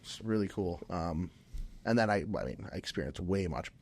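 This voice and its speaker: A man from Minnesota with a low, deep voice tells a story on a podcast. He talks casually and loosely, doubling back, restarting sentences and filling gaps with ums. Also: lively intonation, normal speed, a little mellow. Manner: rambling, many restarts and fillers. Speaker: podcast guest.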